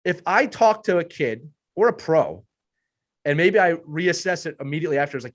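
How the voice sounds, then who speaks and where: A man in his thirties with a hoarse, worn voice talks on a podcast panel. He is a youth hockey coach who speaks earnestly and repeats himself to drive each point home. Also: a little high, expressive, moderate pace.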